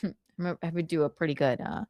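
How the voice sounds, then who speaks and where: A woman's voice: sits low, a little fast, darkish tone. A woman hosting a casual livestream, giggling and teasing as she chats. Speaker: livestream host.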